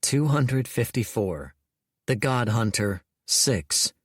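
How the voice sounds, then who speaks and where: A man narrating an audiobook in a wry, measured storytelling manner. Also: mid-range voice, animated, breathy edge, no room sound, clean studio sound.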